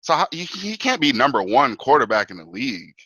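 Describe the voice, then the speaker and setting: Male guest, lively fan talk, bright voice, dry close mic. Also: mid-range voice, fairly quick, breathy edge, no room sound, low-quality recording. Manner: animated, fan talk full of "bro" and "man". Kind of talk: casual sports talk.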